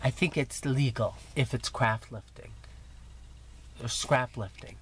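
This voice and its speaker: An extremely low, steady, unhurried voice belongs to a scrapbooking vlogger casually sharing her mail while recovering from illness. She coughs, gushes, and teases herself, with slight hiss or hum present.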